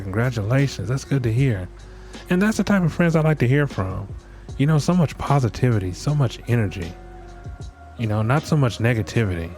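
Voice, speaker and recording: A man's voice: on the low side, darkish tone. A man hosting a solo comedic rant, blunt and profane, slipping into voices of the people he quotes. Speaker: podcast host.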